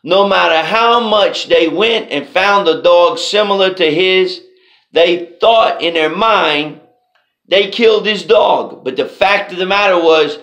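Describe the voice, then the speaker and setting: A man giving a motivational talk as the show's host, telling a story slowly and deliberately and repeating his key phrases. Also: high voice, fairly bright tone. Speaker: motivational speaker.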